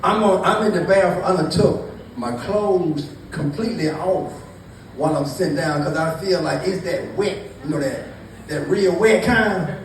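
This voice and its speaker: A stand-up comedian tells stories to a live crowd in a loose, profane way, teasing the audience. His voice is on the high side at a moderate pace, and the audio is echoey, with a distant mic and noise.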